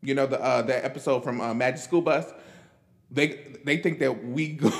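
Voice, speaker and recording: A man's voice: on the high side, a little slow, big-room sound. Chatty man with a laughing delivery. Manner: chatty and animated, frequent laughs and stammered restarts. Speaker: podcast host. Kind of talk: casual solo commentary. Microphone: camera recording himself.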